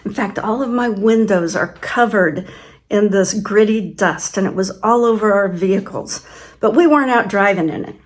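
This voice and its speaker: Speaking at a normal speed with a medium-pitched voice, the host of a casual vlog channel, an older Kansas woman, tells stories from her farm home. She chats freely, laughs a lot, and performs the quoted voices.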